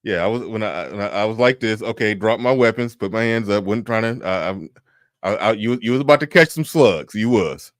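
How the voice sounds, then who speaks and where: A man's voice: fairly low pitch, brisk, no echo, clean studio sound. A man giving a blunt, profane reaction commentary, talking animatedly and laughing often.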